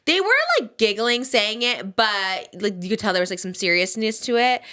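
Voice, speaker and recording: A woman's voice: medium pitch, normal speed, fairly bright tone, smooth. A woman in her thirties hosting a casual podcast chat, rambling with lots of fillers and frequent giggles. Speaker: podcast host.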